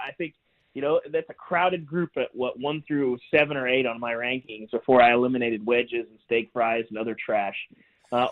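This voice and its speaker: A man calling in as a guest on a sports radio show, chatty and wry, laughing at his own jokes. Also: mid-range voice. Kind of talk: casual sports radio chat. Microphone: phone call. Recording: tinny phone line.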